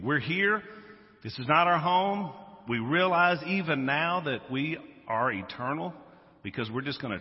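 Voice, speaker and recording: A pastor from Louisiana preaches in a relaxed, conversational way, his coloring his stories as his energy rises and falls. His voice carries a long reverb from a large sanctuary. The sound is a bit muffled, like a live-stream feed. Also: mid-range voice. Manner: conversational, animated storytelling. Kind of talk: sermon.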